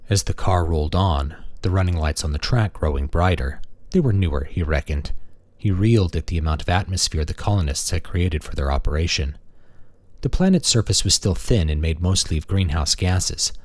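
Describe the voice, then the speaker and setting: A man reading a science fiction audiobook in a steady, measured way. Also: low voice, no room sound. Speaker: audiobook narrator. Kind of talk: scripted narration.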